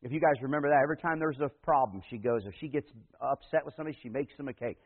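Husky-voiced man preaching a sermon. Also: medium pitch, very fast, in a large hall. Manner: preaching, rising to loud emphatic peaks. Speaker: pastor. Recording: tinny phone-like sound.

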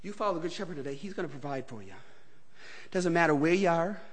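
A male preacher delivering a pleading revival sermon, swinging between hushed, intimate appeals and shouted calls. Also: a little high, fast, big-room sound. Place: church sanctuary.

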